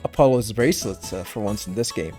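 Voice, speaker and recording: A man giving casual, rambling commentary over a game, halting and laughing as he reads along. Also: fairly low pitch, a little mellow, soft background music. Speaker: let's play host.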